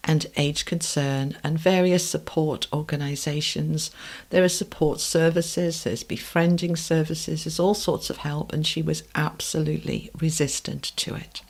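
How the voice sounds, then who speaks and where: A middle-aged British woman hosting a podcast, telling a personal story in a calm, measured way that sometimes drops to a soft hush. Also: low-pitched. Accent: British English. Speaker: podcast host.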